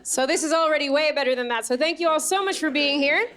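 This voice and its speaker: A woman's voice: sits high, fast talker, fairly bright tone, a faint crowd. An American woman from New York doing a chatty, self-mocking stand-up set on a theatre stage. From Staten Island, New York, USA. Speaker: stand-up comedian. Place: theatre stage before a laughing audience.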